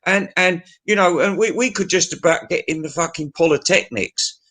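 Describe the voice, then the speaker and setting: A man's voice: high-pitched, moderate pace, a bit bright. A middle-aged man in casual chat, telling stories in a sweary, ranting way.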